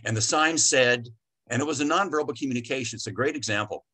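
A middle-aged man leads a customer service training session in a bright, forward voice. He tells folksy stories and stops often to restart his sentences. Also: mid-range voice, quick pace. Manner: folksy, storytelling, many fillers and restarts. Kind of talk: seminar talk with anecdotes. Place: presentation to a chamber of commerce audience.

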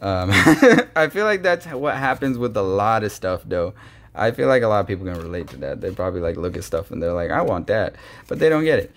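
A young man hosting a casual card-opening video, chatty and slangy, quick to get excited. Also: lowish voice. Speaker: card-opening channel host.

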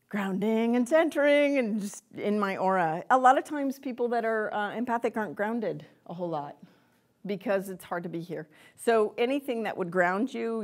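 A woman giving an informal spiritual workshop talk to a live audience in a room, rambling and chatty, with many fillers, restarts and frequent laughs. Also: medium pitch. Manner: laughs often, lively when she acts out quotes. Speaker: lecturer on empaths.

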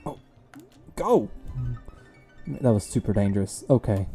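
Casual let's-play host, young man, warm dark tone, self-deprecating banter over soft game music. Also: fairly low pitch, sing-song, measured pace, gravelly, husky. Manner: chatty, self-mocking, reacts loudly to close calls. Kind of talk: casual gameplay commentary.

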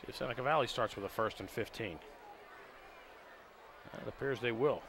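A man calling play-by-play for a high school football game in a measured, steady way, recorded at an outdoor stadium. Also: a crowd in the background. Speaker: play-by-play announcer. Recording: outdoor stadium noise behind the voice.

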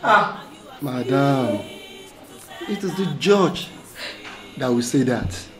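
A man's voice: medium pitch, big pitch swings, takes it slowly, a bit bright, echoey room, faint music behind. A man playing a stern police officer who speaks firmly and plainly.

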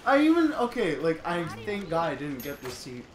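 A gaming channel co-host, a young man with a slightly high voice, swings wildly in pitch at a moderate pace as he tells a profane story between laughs while gaming. The echoey room carries game music and slight background noise.

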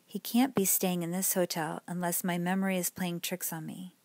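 A woman voicing an oily, smirking male hotel desk clerk with a smooth, falsely polite manner, in a bedtime story. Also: lowish voice, little pitch movement, normal speed, a little mellow, no room sound, close to an everyday voice.

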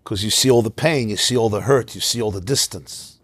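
A man's voice: on the low side, fairly quick, a bit bright, slightly rough, clean studio sound. A man, a rabbi, teaching a Torah class in a study hall, talking passionately and animatedly and often laughing mid-sentence.

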